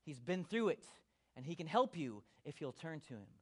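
Pastor guy preaching, high voice, goes quiet then loud, acts stuff out. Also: very animated, normal speed. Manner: impassioned, swings from hushed to loud, acts out quotes. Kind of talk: sermon.

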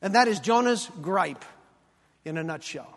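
A male pastor preaching a sermon with animated, emphatic delivery and pointed repetition. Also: high-pitched, measured pace, long reverb tail.

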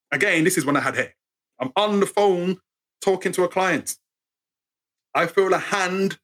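British guy telling stories, husky voice, super lively, does little voices for people. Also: sits high. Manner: expressive, acts out voices, sarcastic wit. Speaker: guest storyteller. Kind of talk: animated storytelling interview.

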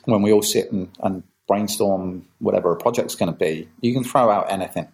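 A man's voice: fairly low pitch, brisk, gravelly, low-quality recording. A man, a podcast guest talking casually and acting out quoted reactions in playful voices. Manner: animated, acts out quoted reactions with jokey voices. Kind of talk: casual conversational interview.

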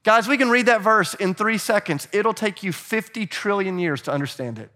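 Animated preaching man, fairly high voice. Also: normal speed. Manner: animated preaching, urging the congregation to respond. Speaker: pastor. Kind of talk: sermon.

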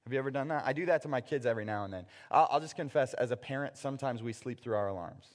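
A man in his thirties, a father, preaching a conversational sermon. He acts out little scenes and bursts out loud in places. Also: medium pitch, very fast, in a large hall. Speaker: pastor.

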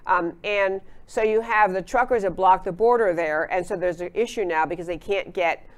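A woman's voice: lowish voice, moderate pace. A woman hosting a political talk show, giving opinionated commentary in an emphatic way, with frequent fillers and restarts.

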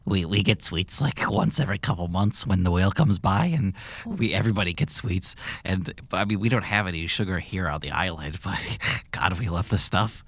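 A man voicing a blunt, excitable young turtle who rambles and blurts. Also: low-pitched, moderate pace, husky, no room sound, heavily acted. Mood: excited.

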